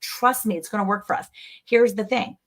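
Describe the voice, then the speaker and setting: A woman co-hosting a livestream, talking casually and telling stories in an animated, chatty way. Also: mid-range voice, normal speed. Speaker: livestream co-host. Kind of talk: casual chat.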